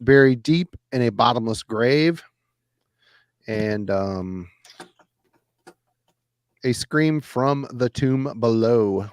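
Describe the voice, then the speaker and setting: A man's voice: medium pitch, lively intonation, extremely slow, long pauses, clean tone. Laid-back male podcast co-host. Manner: laid-back, brief, laughs often. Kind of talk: casual podcast chat about metal.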